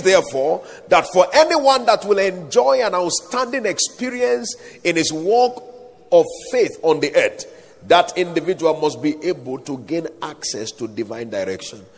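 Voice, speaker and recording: A man preaching a sermon, reciting scripture and calling the congregation to answer back. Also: fairly high pitch. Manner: dramatic, call-and-response preaching with scripture recitation. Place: large hall or outdoor gathering. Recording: echoey hall reverb.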